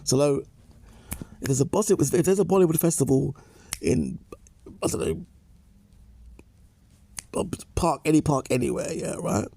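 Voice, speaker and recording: Gravelly man lecturing. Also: fairly high pitch, very animated, unhurried, pauses often, dark tone. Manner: lecturing, repeats "yeah?" and "okay?" tags; emphatic, restates points for effect. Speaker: commentator. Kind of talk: opinion commentary vlog.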